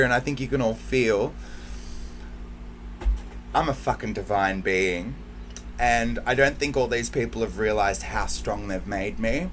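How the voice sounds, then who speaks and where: A man hosting his channel in an emotional, heartfelt monologue to the camera, near tears, swinging between hushed lines and loud bursts. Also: mid-range voice, slight background noise. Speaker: channel host.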